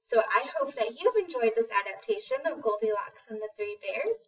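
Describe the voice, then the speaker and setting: A woman telling a children's story in a relaxed, unhurried way. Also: on the high side, distant mic, highs cut off. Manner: relaxed, unhurried with some ums. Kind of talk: casual storybook narration.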